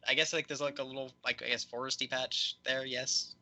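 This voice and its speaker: A man's voice: medium pitch, level tone, brisk, sharp tone. A man describing his character's actions as a tabletop player, rambling and full of "like".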